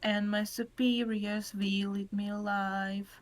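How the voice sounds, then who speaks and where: A woman voicing a gloomy, self-pitying female troll who posts sinister content, reading her lines slowly in a flat robot-like voice. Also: medium pitch, lightly acted, poor audio. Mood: brooding. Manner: slow flat robotic delivery. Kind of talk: reading game dialogue aloud.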